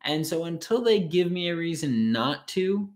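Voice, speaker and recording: A man hosting a sports podcast late at night, talking casually, animated and frank, with some swearing. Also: fairly high pitch, normal speed.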